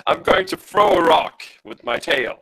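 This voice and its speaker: A man's voice: moderate pace, fairly bright tone, dry recording. A man playing in a tabletop game, talking eagerly and joking with the others. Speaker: player. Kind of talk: casual tabletop play.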